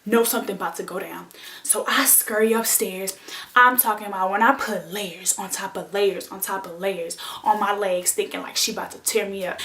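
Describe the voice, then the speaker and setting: Woman vlogger, animated storytime delivery, roomy echoey room; casual and expressive. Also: medium pitch, a little hiss or hum. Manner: lively, expressive, addresses viewers as y'all. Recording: roomy echo.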